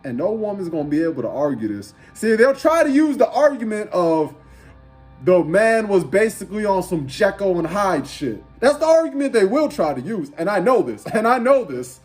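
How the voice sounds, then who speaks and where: Male commentator, lively pitch swings, preachy and profane, keeps throwing rhetorical questions. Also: moderate pace, faint music behind. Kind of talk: ranting commentary over an instrumental beat.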